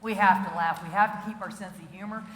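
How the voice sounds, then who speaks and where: A woman giving a comedic motivational keynote, playful and animated, breaking into song now and then. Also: mid-range voice, quick pace. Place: large auditorium with audience. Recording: echoey hall, faint noise.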